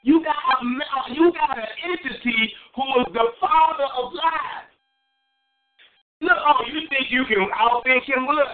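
A man preaching a sermon, swinging between high exclamations and low asides and repeating phrases for emphasis. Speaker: pastor. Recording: tinny phone-line sound.

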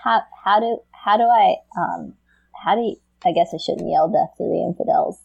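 A woman's voice: fairly low pitch, moderate pace, creaky, breathy edge, no room sound, muffled recording. A woman playing in a tabletop game, playful and eager, often restarting her questions. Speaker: player. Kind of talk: casual tabletop game chat.

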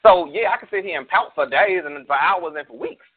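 A man's voice: sits high, lively intonation, brisk, breathy edge. A man, a pastor, talking casually on a church call show, preaching through slangy stories and hypotheticals. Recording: tinny phone-like call audio.

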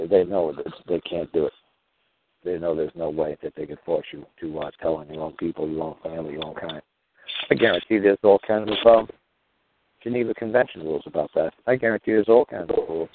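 A man hosting a talk show, delivering a combative monologue full of rhetorical questions. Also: extremely low pitch. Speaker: show host. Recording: tinny phone-like radio audio.

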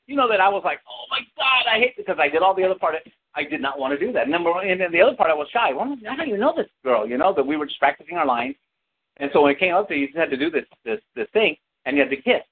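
Through tinny, hiss-laden lo-fi audio, a male pastor with a high, gravelly voice delivers a sermon. He prompts the congregation to respond and recounts something from his childhood.

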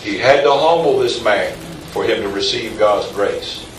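A man's voice: lowish voice, measured pace, slight background noise. Preaching man in a roomy, distant church. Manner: conversational, rising to emphatic peaks, quizzing the congregation. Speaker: pastor. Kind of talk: sermon. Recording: echoey room, from far off, faint ambience.

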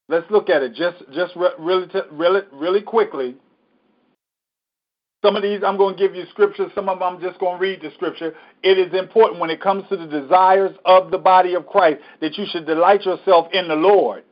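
A man's voice: sits high, brisk, lo-fi sound. A man teaching a Bible study as pastor, preaching emphatically and repeating scripture.

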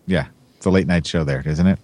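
A man's voice: low-pitched, brisk, a little mellow. A man hosting a podcast, chatting in a playful, teasing way and asking lots of questions. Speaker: podcast host. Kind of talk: casual comedic podcast chat.

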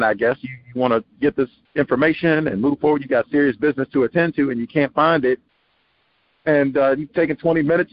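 A male radio host thinks out loud in a loose, rambling way, often slipping into quoted lines. His voice sits a little high for a man. The broadcast sounds muffled, with a faint hiss under it. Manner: musing, rambling, acts out quoted voices with laughs. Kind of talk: conversational call-in radio commentary.

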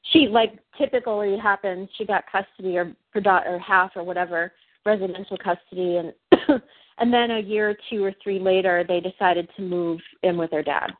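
A woman speaks haltingly, often breaking off and restarting as she works through her feelings with a coach. Her voice sits at an ordinary pitch. It comes through a thin, phone-like line that is dry and close. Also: fairly even intonation, no room sound. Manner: halting, hesitant, many restarts. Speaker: client. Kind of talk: coaching session conversation.

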